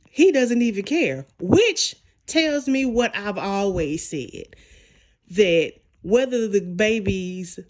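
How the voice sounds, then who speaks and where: Woman, young adult, casual TV recap, slow delivery, acts out characters' lines. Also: medium pitch. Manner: retells scenes, acting out characters' lines. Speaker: TV show reviewer.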